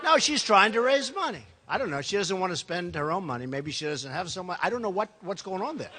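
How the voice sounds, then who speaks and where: A man's voice: high-pitched, big pitch swings, a little fast, sharp tone. Emphatic male speaker in a reverberant hall. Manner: emphatic and rambling, repeats himself. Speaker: political candidate. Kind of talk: campaign speech to a live audience. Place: large hall. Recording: long reverb of a large hall.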